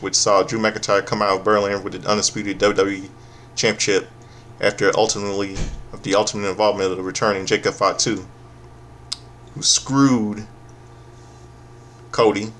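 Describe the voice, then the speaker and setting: A man's voice: lowish voice, a bit bright. A man giving a casual, profane, sarcastic recap of a wrestling show, often stopping and restarting his sentences.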